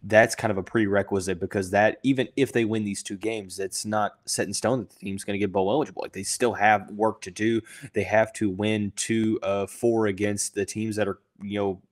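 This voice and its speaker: Casual man talking sports, filler-heavy. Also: on the low side. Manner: thinking aloud with many fillers and restarts. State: has the hiccups. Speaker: podcast host.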